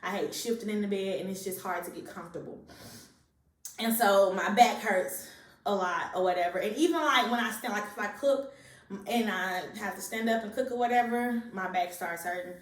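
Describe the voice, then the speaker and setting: In this pregnancy vlog, a young woman with a medium-pitched voice talks at a moderate pace, slightly breathless. Her casual chat to camera rambles and is full of fillers, recorded in an echoey room on a distant mic.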